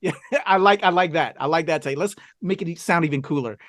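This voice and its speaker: A man's voice: a little high, a little fast, fairly bright tone, dry recording, clean studio sound. A man co-hosting a casual film review, talking enthusiastically with lots of fillers and asides. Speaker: podcast co-host.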